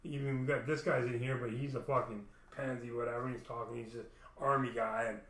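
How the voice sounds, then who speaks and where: A man's voice: medium pitch, steady tone, brisk, a bit bright. A young man telling a long, rambling story full of swearing, restarting often and acting out what other people said. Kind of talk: casual storytelling rant. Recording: echoey room.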